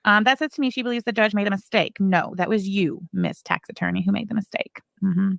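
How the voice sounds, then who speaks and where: A woman's voice: mid-range voice, fairly quick, vocal fry, no room sound. A woman hosting a commentary stream, reading court filings aloud with sarcastic, mocking asides. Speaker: commentary channel host.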